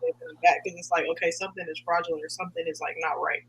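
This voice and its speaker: A woman co-hosting a casual podcast chat and giving animated, blunt opinions. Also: fairly low pitch, rapid-fire, noisy background. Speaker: podcast co-host.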